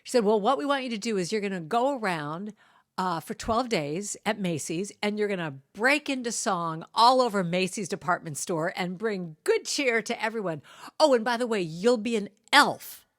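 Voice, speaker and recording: A woman's voice: mid-range voice, normal speed, dry recording, studio quality. A middle-aged woman telling a personal story as a guest speaker, acting out the voices of the people in it. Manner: animated storytelling with quoted voices. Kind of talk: storytelling talk.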